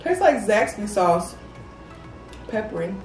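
A woman's voice: mid-range voice, sing-song, slow, darkish tone. A woman talking casually about the food between bites in a mukbang video. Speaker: mukbang guest. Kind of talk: casual eating chat. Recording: roomy audio from a distant mic with faint music. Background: faint music.

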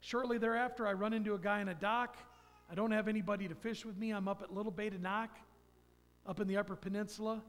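A man's voice: high voice, steady tone, quick pace, a bit bright, big-room sound. A man giving an earnest personal testimony in a church, telling stories about faith. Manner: earnest, storytelling. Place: church sanctuary.

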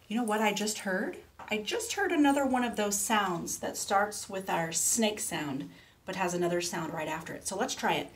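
A woman teaching speech to children, reading a picture book aloud slowly and clearly and pausing so they can repeat words. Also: lively intonation. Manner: animal sounds with big jumps in pitch.

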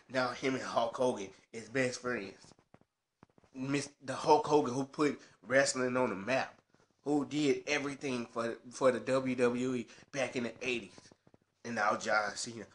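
Fed-up man ranting bright and sharp. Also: medium pitch, steady tone, unhurried. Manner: frustrated, heated ranting with profanity. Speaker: wrestling fan vlogger. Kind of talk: casual rant.

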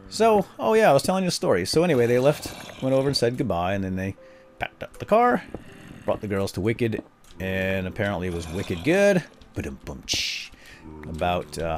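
Man, deep voice, lively up-and-down delivery, casual gameplay chat, jokey storyteller. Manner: chatty storyteller, jokey asides, playful pretend salesman banter. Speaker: gaming video host. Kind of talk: casual chat while playing a game.

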